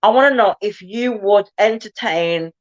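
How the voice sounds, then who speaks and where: A woman's voice: mid-range voice, normal speed, lo-fi sound. A woman co-hosting a casual live stream chat, talking chattily with her mouth full as she eats. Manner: chatty, talks while eating with mouth full. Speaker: co-host.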